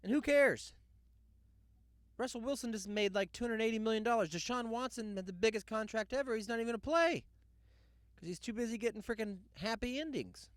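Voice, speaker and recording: A man hosting his own show, ranting loudly and sarcastically, with laughs in between. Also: sits high, fast, no echo. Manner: loud, sarcastic rants with laughs. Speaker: podcast host. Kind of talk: casual solo rant.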